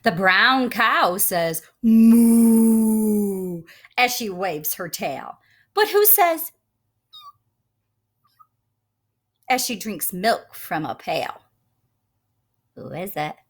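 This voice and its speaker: A woman reading a picture book aloud to young children in an animated, coaxing, teacher-like storytime voice. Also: mid-range voice, takes it slowly.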